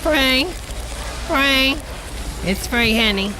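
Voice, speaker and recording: A woman's voice: high-pitched, very slow, background noise. A woman hosting a comedy show, reacting to old videos with brash, sassy commentary and calling everyone honey.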